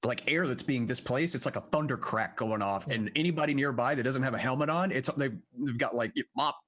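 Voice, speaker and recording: A man's voice: mid-range voice, brisk, a bit bright. A man joining in the banter at a tabletop game, chatty and wry. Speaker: player. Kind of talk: casual chat during a tabletop game.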